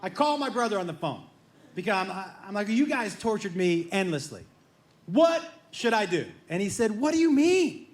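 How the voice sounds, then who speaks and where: A middle-aged male comedian with a high voice that leaps around, telling family stories to a live audience and slipping into the voices of his kids and brother. The sound carries the roominess of a theater stage. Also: moderate pace, reverberant. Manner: animated, acts out family members in quoted voices. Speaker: stand-up comedian. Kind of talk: stand-up comedy storytelling.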